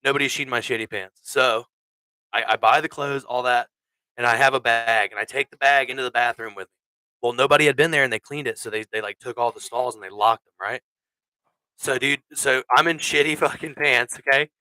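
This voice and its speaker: Animated, foul-mouthed man telling stories. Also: mid-range voice, fairly quick, clear, resonant tone, dry recording, low-quality recording. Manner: crude, animated storyteller who swears a lot. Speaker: podcast host. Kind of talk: casual storytelling chat.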